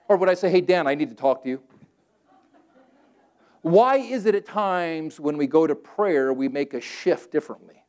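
High-voiced animated man preaching. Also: normal speed. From Southern California. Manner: animated, conversational preaching with dramatized scripture quotes; plain, everyday wording. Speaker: pastor. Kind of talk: sermon.

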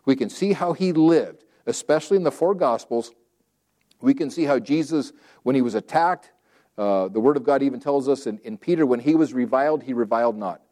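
A man's voice: mid-range voice, brisk, mellow. Folksy man preaching a conversational sermon. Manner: repeats phrases for emphasis. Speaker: pastor.

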